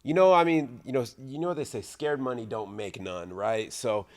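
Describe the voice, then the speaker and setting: A man chatting easily on a podcast, relaxed and optimistic. His voice has a middling pitch for a man. He often pauses on fillers before his point. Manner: relaxed, upbeat, hesitant with fillers. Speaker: podcast guest. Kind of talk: casual chat.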